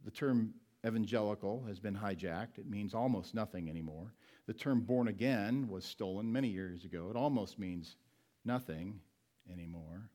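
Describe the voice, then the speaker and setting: With a lowish, dark-toned voice, a male pastor preaches, putting questions to his listeners and responding to them himself. Single words get weight as he slows down on them.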